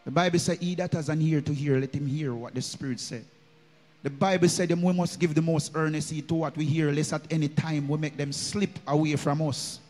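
High-voiced Jamaican preacher in a hall. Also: male voice, steady tone, brisk, a little mellow, soft background music. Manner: preaching in patois, chanting and rising into sung phrases. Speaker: minister. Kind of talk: sermon. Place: church.

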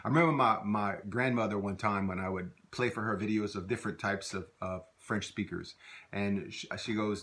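A man teaching a video language lesson, patiently repeating phrases slowly for learners to copy. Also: fairly low pitch, steady tone, fairly bright tone.

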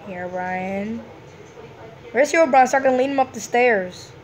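A woman giving casual, excitable gameplay commentary, full of playful hums and sing-song noises. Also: fairly high pitch, normal speed. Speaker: gameplay streamer.

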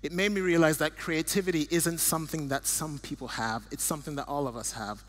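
A guest speaker, middle-aged and from Nigeria, gives a church talk with slides, his voice on the high side and fairly quick. Warm and earnest, his storytelling is full of restarts.

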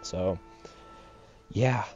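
A man's voice: low voice, very slow, a little mellow. Rambling young man commenting on gameplay. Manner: rambling, jokey, laughs often. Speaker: let's play host. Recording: slightly dull home mic with game music.

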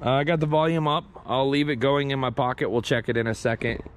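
A man vlogging as he explores outdoors, excitable and joking, swearing and easily startled. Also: mid-range voice, fast, slight background noise. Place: outdoors, roadside ditch and bushes.

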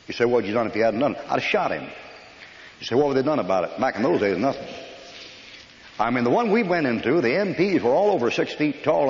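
An older man preaches in a long-echoing church hall, telling rough army stories in a blunt, folksy, scolding way. The recording sounds dull and dated, with faint hiss beneath the voice. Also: medium pitch. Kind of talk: sermon.

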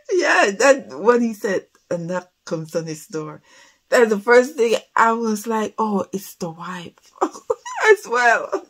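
A woman's voice: a little high, breathy edge. A woman hosting a reaction video, chatting casually and laughing often about a comedy clip. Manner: laughs often, slow and relaxed. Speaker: reaction channel host.

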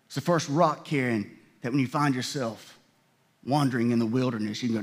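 In a mid-range, slightly breathy voice at normal speed, a male pastor preaches conversationally, pausing often. He keeps restarting his sentences and acts out the words of God and of people in voiced quotes.

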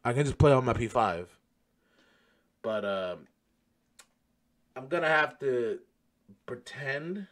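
A man hosting a gaming channel, chatting casually and yelling profanely at the game as he plays. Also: medium pitch, animated, slow pace, long pauses. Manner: loose, profane, laughs and yells at the game. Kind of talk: casual gameplay commentary.

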